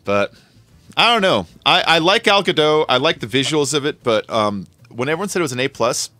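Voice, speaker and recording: A man's voice: a little high, sing-song, brisk, sharp tone, dry recording. A man hosting a game stream, chatting casually and joking, rambling and swearing freely. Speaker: streamer and host.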